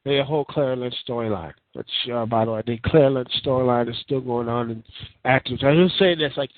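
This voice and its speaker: A man's voice: mid-range voice, brisk, dry recording. A man giving a casual, rambling rant as a wrestling reviewer, incredulous and full of restarts. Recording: tinny phone-like sound.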